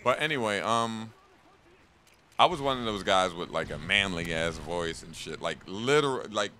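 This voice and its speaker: A young man rambles through casual gaming talk, cursing freely. His low voice has a bright, forceful edge and swings widely in pitch. Faint noise hums behind him. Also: moderate pace. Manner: rambling, profane, animated. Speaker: gaming streamer. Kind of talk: casual gameplay commentary.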